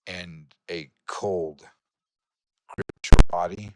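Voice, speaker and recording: A man running a horror tabletop game as game master, narrating slowly and sometimes dropping to a whisper. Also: low voice, steady tone, very noisy. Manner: slow, hushed narration that drops to a whisper.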